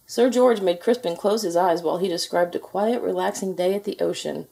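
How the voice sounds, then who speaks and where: A woman reading a children's picture book aloud in a gentle, expressive storytelling manner. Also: lowish voice, fairly quick, creaky, hardly any pauses. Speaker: storybook reader.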